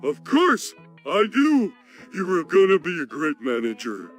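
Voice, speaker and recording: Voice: mid-range voice, huge pitch swings, a little slow, soft background music. An AI voice clone doing a friendly, dim male cartoon starfish with a goofy voice and an upbeat, supportive manner.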